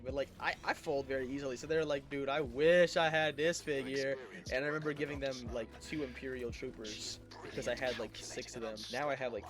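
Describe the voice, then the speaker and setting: Fast-talking, rambling young man. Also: mid-range voice. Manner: rambling, excitable, many fillers and restarts. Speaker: storyteller. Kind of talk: casual storytime.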